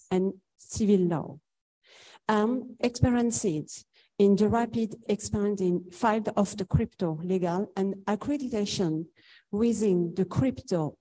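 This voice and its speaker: A woman lawyer from France speaks English with a French accent. Her tone is mellow and warm. She works through her introduction like a prepared list. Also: mid-range voice, poor audio.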